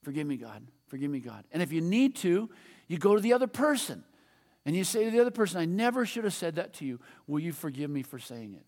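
A man's voice: high voice, fast talker. Preaching man in a reverberant hall. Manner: animated preaching with quoted prayers. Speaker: pastor. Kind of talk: sermon.

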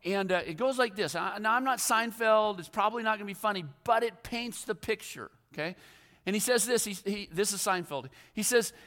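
A male pastor preaches a rambling, self-deprecating story-driven sermon riddled with fillers and restarts. His high-pitched, fairly bright voice moves fairly quickly, and the recording has the long reverb of a large hall.

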